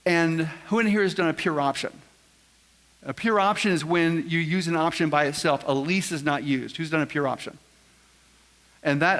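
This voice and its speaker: Long hall reverb fills this recording of a seminar in a large event room with an audience present. The speaker, a man whose voice is a little high and fairly bright, quizzes listeners in a joking, folksy style.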